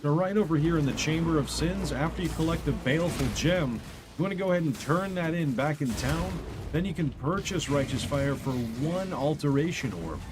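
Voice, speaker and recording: A man voicing a soothing, deep-voiced male game guide narrator, talking in a smooth, warm, deliberate way. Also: noisy background, close to an everyday voice.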